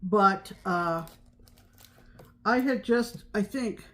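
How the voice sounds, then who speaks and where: A woman's voice: medium pitch, extremely slow, a bit bright, slight background noise. A woman co-hosting a casual crafting podcast, talking in a rambling way with frequent ums and restarts. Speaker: podcast co-host. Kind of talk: casual chat about cross-stitch.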